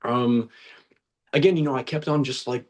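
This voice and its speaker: A man's voice: mid-range voice, fairly even intonation, moderate pace. A young man, a guest actor, telling his story in a casual interview, earnest and chatty, with lots of restarts and slang like "dude". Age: young adult.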